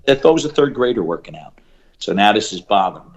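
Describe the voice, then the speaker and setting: Man, middle-aged, basketball coach, low voice, animated anecdotes, emphatic repeats. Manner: acts out quoted voices, fast bursts and emphatic repeats. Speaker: shooting coach. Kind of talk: animated storytelling interview.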